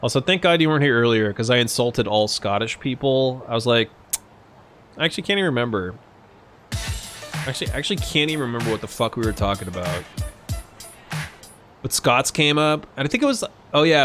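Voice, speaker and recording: A young man streams a game and chats, a bit drunk, rambling along with lots of swearing and laughter. His voice sits in the middle range with a slightly bright edge.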